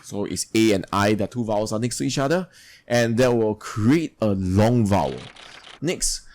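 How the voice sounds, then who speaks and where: Steady male teacher. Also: on the low side, normal speed. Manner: steady explanatory delivery, spells out examples. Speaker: English teacher. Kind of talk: recorded video lesson.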